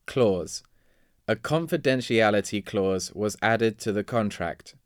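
A man reading vocabulary words and example sentences in a measured, deliberate way. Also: on the low side, dry recording, studio quality. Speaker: vocabulary reader.

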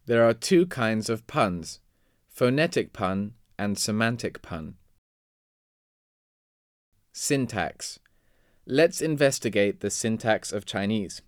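A man reading vocabulary words and example sentences in a measured, deliberate way. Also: on the low side, no echo, studio quality. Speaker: vocabulary reader.

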